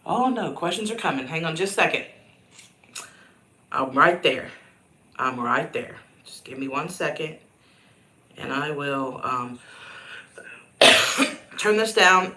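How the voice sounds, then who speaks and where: A woman's voice: sits low, lively intonation, moderate pace, long pauses, pushed and bright, slight background noise. A woman hosting a casual livestream chat from home, rambling and self-mocking, with a cough that keeps breaking into her voice. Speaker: host answering viewer questions. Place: downstairs at home.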